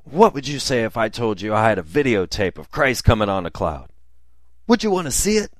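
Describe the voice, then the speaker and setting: A man's voice: deep voice, normal speed, darkish tone, no echo, studio quality. A man voicing an intense, storming woman in camouflage, frantic and insistent, in a story he tells. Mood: urgent.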